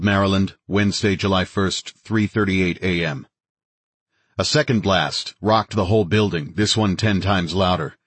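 A man narrating an audiobook in a steady, dramatic reading of scripted narration. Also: low-pitched, breathy edge, no echo.

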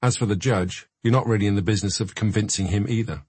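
A man voicing a blunt Scottish male pathologist mentor in an audiobook, gruff and raspy, answering his own questions. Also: fairly low pitch, quick pace, a little mellow, no room sound.

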